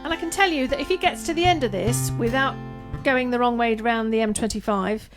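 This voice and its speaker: A woman as co-host, reading out song requests and teasing the performer with warm asides. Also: a little high, fairly quick, music in the background.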